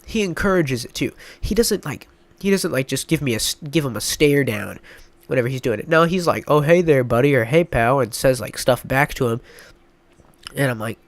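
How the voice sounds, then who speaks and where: A man's voice: mid-range voice, animated, moderate pace, no echo. A young man with a stuffy nose telling a rambling, mock-dramatic storytime vlog, full of filler words. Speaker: YouTuber.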